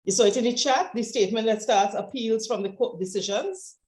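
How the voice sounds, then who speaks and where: A woman coaching speakers over a video call, giving brisk, encouraging directions. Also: on the high side, darkish tone, roomy sound. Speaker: presentation coach. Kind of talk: online coaching session.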